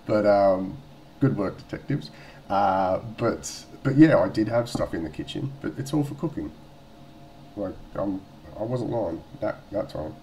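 A man's voice: on the low side, lively intonation, unhurried, mellow, a little hiss or hum, low-quality recording. A man with an Australian accent talking casually to camera, blunt and rambling, swearing freely. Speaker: vlogger.

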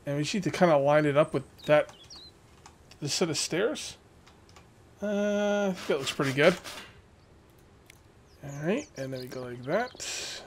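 Gaming guy at his desk, a bit high-pitched, thinking out loud while he builds, snaps at game characters for fun. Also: a little slow, pauses often, a little hiss or hum. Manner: chatty, self-talking, jokingly scolds game characters. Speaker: gaming channel host. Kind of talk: let's play commentary.

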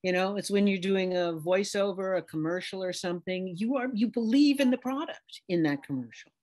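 A middle-aged dialect coach from New York City talks through her craft in a relaxed interview. Her voice sits at an ordinary pitch and she explains things with lively pictures and examples. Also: brisk. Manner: animated, expressive, talks in images and examples. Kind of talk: casual interview talk.

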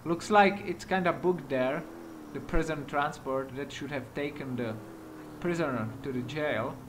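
A man with a non-native English accent giving casual gameplay commentary, excitable and quick to exclaim and swear. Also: on the high side, noisy background. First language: not English. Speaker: gaming YouTuber.

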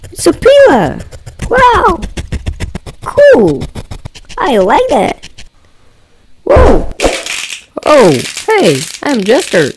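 A woman hosting a reaction video, gasping and exclaiming with excitement at each clip. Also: high voice.

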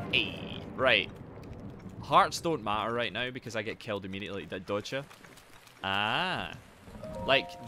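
A man streaming a game, chatting casually, excitable and swearing, breaking into shouts. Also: lowish voice. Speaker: gaming streamer.

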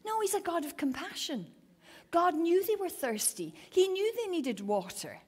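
A woman preaching a sermon at a women's event, telling Bible stories with lively, acted-out quotes. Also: extremely high pitch, normal speed. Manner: animated storytelling, acting out quoted voices. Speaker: women's ministry speaker. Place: event hall.

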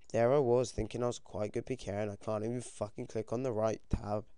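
A British teenage boy giving casual, excitable commentary over his own game, swearing often and yelping when things go wrong. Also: fairly low pitch, clean tone, no echo, studio quality. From United Kingdom. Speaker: gaming commentator.

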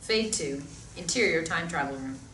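A woman reading stage directions aloud, plain and steady, at a script reading. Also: deep voice, moderate pace, a little hiss or hum. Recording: echoey room, mic far off.

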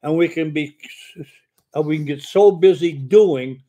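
Older preacher with a stammer. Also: male voice, a little high, a little slow, mellow, muffled recording. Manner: stammers in speech, fluent when preaching. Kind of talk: sermon-style Bible Q&A.

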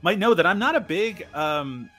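A man's voice: high-pitched, expressive, normal speed, a bit bright. Wry, chatty male podcast guest. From Newfoundland, Canada. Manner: wry, dry jokes, chatty. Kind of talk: casual film review chat.

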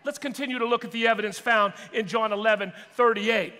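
A man's voice: sits high, steady tone, fairly quick, bright, forceful tone, in a large hall. A man preaching a sermon with dramatic, courtroom-style framing in a church auditorium. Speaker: pastor.

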